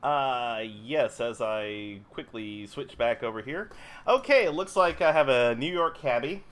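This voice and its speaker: A man in an improv comedy show, reading out audience suggestions in a relaxed, amused way. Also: medium pitch, a little slow. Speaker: improv performer.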